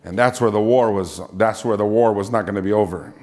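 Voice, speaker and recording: A man's voice: on the low side, brisk. A man preaching and telling a personal story, acting out the voices he quotes and often saying "amen.". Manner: animated, acts out quoted voices, frequent "amen". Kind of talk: storytelling sermon.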